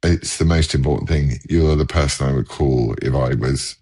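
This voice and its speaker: A man's voice: extremely low pitch, moderate pace, mellow, husky. A man co-hosting a casual chat from home over a video call, earnest and rambling, often restarting his sentences. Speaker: co-host.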